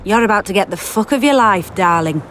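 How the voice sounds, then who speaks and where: An actress playing a bawdy, blunt camp prostitute in a video game, speaking crudely with a slight lisp. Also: female voice, medium pitch, lively intonation, a little fast, fairly bright tone, slight background noise, natural voice. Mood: seductive.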